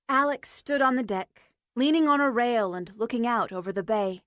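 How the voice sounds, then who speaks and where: A woman reading a post-apocalyptic novel aloud as an audiobook narrator, in a measured, even manner. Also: a little high, no echo, clean studio sound. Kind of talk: scripted narration.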